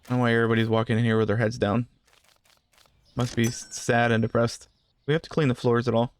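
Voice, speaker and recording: A man's voice: mid-range voice, flat delivery, fast talker, smooth. A man giving casual gameplay commentary, rambling through asides and joking with the customers in the game. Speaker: gaming channel host.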